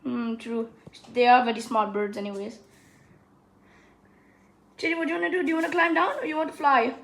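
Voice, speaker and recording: A woman's voice: high-pitched, fairly even intonation, a little fast, fairly bright tone. A woman at home filming her pet bird on a handheld phone, talking to it in a coaxing, sing-song way. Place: indoors at home. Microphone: handheld phone camera.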